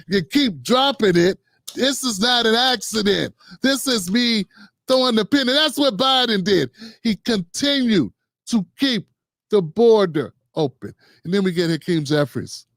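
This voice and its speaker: A man with a high, somewhat bright voice hosts a live political commentary show, addressing viewers directly in a blunt, mocking way and imitating people with put-on voices. The sound is clean studio audio with no echo.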